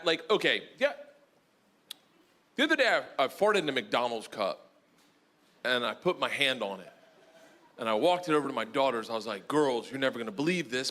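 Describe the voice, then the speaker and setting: Loud, animated middle-aged male comic. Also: on the high side. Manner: loud, animated storytelling with shouted punchlines. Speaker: stand-up comedian. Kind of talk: stand-up comedy set. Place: comedy club stage with laughing audience. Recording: live club audio with audience noise.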